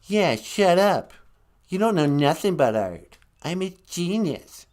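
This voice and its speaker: Here is a swaggering, thin-skinned male painter who thinks he is a genius and calls everyone "man", as a man puts him on. He pushes his voice up and makes it loud and lively, swinging all over the place. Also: high-pitched, a little slow. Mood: indignant. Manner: indignant, slangy, keeps calling people man. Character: brash, touchy famous male painter, arrogant and easily offended.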